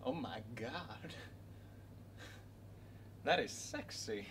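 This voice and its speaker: A man giving goofy game commentary with silly, loud outbursts and laughter. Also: mid-range voice, animated, drawn-out words, recorded from a distance, background noise.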